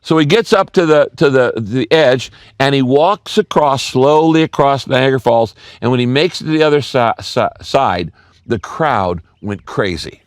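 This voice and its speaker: A man's voice: medium pitch, lively intonation, moderate pace, no room sound, studio quality. An older man preaching a sermon, telling stories and acting out quoted voices, repeating key lines for emphasis. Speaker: pastor.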